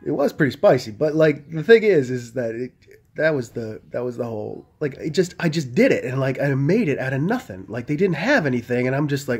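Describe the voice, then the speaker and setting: A man's voice: medium pitch, big pitch swings, fairly quick, darkish tone, husky. A man talking casually into a handheld phone camera, rambling, full of "like" and frequent swearing. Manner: rambling, heavy on "like", swears freely. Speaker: vlogger.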